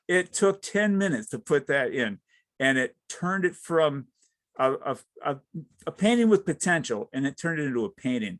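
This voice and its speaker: A middle-aged man, a wildlife artist, giving an informal talk about his career with many halting fillers. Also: medium pitch, dry recording.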